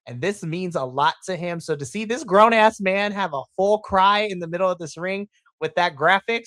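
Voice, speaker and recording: Excitable, swearing wrestling podcast host. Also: medium pitch, dry recording. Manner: excitable, profane, acts out its own reactions in quotes. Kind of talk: casual wrestling recap chat.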